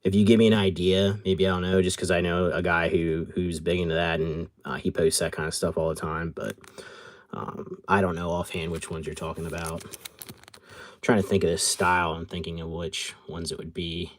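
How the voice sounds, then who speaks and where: Low voiced guy rambling on a stream, chatting back to viewers, keeps catching himself and restarting. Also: little pitch movement, moderate pace. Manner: rambling, answers chat as he sorts; self-correcting, trails off mid-thought. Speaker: card collector streamer. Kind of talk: casual rambling live-stream chat.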